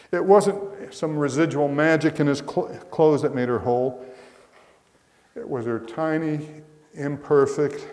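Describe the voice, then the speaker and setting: A male pastor giving an Easter sermon, emphatic, swinging from quiet to loud. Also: mid-range voice. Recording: echoey hall reverb.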